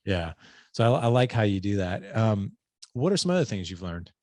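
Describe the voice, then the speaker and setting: A man hosting a podcast in casual conversation, animated as he acts out quoted dialogue. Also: lowish voice, normal speed, dry recording, clean studio sound. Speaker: podcast host.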